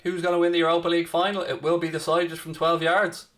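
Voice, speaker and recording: This young male host of a live football watchalong talks quickly in a slightly high voice with a fairly bright tone and little pitch movement. He keeps things casual, chatting and responding to viewers by name.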